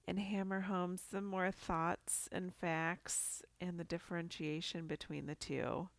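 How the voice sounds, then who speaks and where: A middle-aged woman with a deep, fry-edged voice hosts a podcast in a calm, encouraging coaching tone. A cold leaves her congested and nasal. She sits close to the mic in a dry, dead room. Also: unhurried, dry recording. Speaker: podcast host. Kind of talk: scripted podcast talk.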